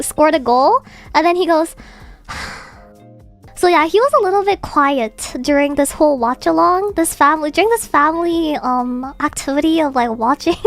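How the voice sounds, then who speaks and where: A woman streamer in casual chat, telling a rambling, filler-heavy story with frequent giggles. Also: high voice.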